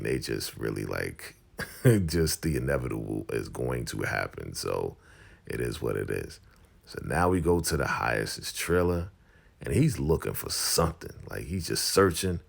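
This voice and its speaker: A man's voice: extremely low pitch, creaky, breathy edge. A man casually recapping a TV episode in loose slang, acting out the characters' lines as he goes. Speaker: TV recap host.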